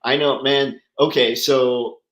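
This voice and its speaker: A man's voice: mid-range voice, fairly even intonation, slow pace, fairly bright tone, reverberant, low-quality recording. A man hosting a casual livestream chat, talking enthusiastically and answering viewers by name. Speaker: livestream host.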